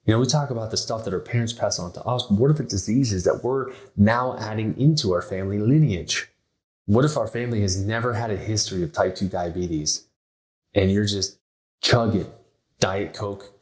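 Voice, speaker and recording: This is a health podcast host, a man whose voice sits on the low side with a darkish tone, captured in poor audio. He gives motivational health talk bluntly and with emphasis, regularly acting out others' words.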